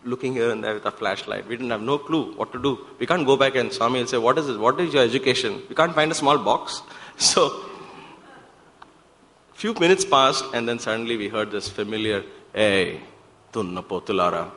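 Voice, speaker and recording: A man tells spiritual stories in a lively, animated way, slipping into the voices of the people he quotes. His voice sits in an ordinary middle register for a man. A long reverb trails each phrase, as in a large hall. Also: mid-range voice, brisk, slight background noise. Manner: animated, acts out quoted voices, restarts often. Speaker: speaker at a spiritual center. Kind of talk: storytelling spiritual talk. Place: devotional center hall.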